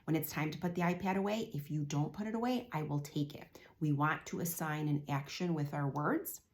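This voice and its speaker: A woman in her forties speaks as a parenting coach with a fairly low voice. She explains things calmly and now and then acts out little exchanges between parent and child. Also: brisk. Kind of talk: direct-to-camera parenting advice.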